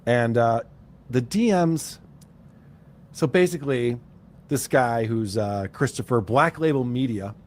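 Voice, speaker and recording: Commentary host: a mid-pitched male voice, wry and exasperated, recapping drama with hesitant pauses. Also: a little mellow, slight background noise.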